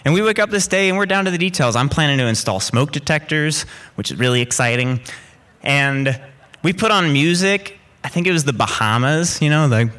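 A man telling an animated personal story in a lively, rambling way, full of vivid asides. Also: a little high, brisk.

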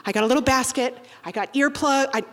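Middle-aged woman comic, profane and animated, pitched high. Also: fast. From Boston. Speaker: stand-up comedian. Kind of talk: stand-up storytelling.

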